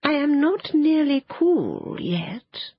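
A woman voicing a grand phoenix bird in an audiobook, speaking slowly and loftily. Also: high voice, huge pitch swings, no room sound, voice pushed up, exaggerated voice. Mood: lofty. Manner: slow, lofty and drawn out. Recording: dull, muffled dry studio sound.

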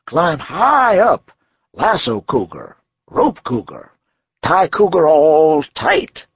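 Casting: boastful old buffalo hunter, gravelly, slow, emphatic broken speech, swoops wildly in pitch, put on by a male narrator. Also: wildly swooping pitch, dry recording, dull audio, full character voice. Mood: insistent.

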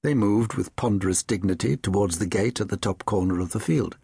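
A man narrating a children's audiobook with expressive, lively storytelling. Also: fairly low pitch, brisk, husky, no echo.

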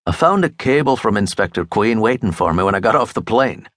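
A man's voice: fairly low pitch, expressive, fairly quick, fairly bright tone, no echo, studio quality. A male audiobook narrator voicing a wry, talkative former Scotland Yard inspector turned private detective.

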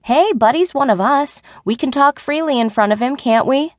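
A woman's voice: high voice, moderate pace, no echo, studio quality, voice pushed up, lightly acted. A woman narrator voicing Becky, a brash and teasing woman office friend, in an audiobook. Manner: teasing, brassy.

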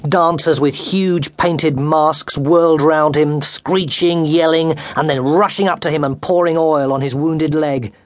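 A man narrating a children's storybook with animated, dramatic delivery that rises and quickens with the action, recorded close in a studio. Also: a little high, dry recording. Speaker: audiobook narrator. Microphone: close studio microphone.

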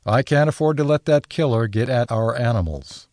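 A steady farmer father gives firm orders to his family, as a male narrator plays him. His pitch moves a lot, and the audiobook sound is dry and close. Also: moderate pace, no room sound, close to an everyday voice. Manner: firm, commanding. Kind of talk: audiobook character voice.

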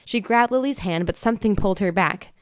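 A woman narrating a thriller audiobook in a steady, measured way. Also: medium pitch, no echo, studio quality. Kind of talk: scripted narration.

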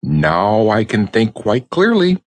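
A man voicing a cheerful, earnest rag doll girl who leads her friends, in a bright, eager storybook voice. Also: on the low side, wildly swooping pitch, takes it slowly, heavily acted. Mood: thoughtful.

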